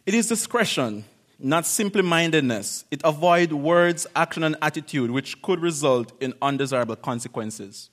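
Male preacher, conversational and animated, fairly high voice, laughs now and then. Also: moderate pace. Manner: conversational, animated, acts out quotes, laughs often. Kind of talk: informal sermon.

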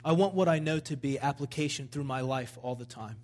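A man's voice: mid-range voice, fairly quick, darkish tone. A man preaching a sermon at a church service, in a fervent, emphatic style that builds in intensity.

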